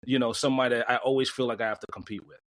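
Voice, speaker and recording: Male podcast co-host, mid-pitched voice, thoughtful and chatty. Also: fairly even intonation, very fast, a bit bright. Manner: thoughtful, conversational, with restarts. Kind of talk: casual podcast chat.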